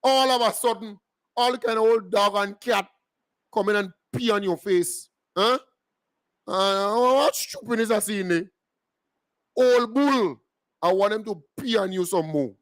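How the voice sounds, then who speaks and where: Grenadian guy mocking and taunting on a talk show, high pitched, dry sound. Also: dry recording. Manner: taunting, mocking, emphatic repetition. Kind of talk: political commentary rant.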